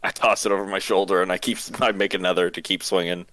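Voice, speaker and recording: A man playing in a tabletop game, casual and excitable, often laughing. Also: low voice, quick pace, no echo. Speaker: player.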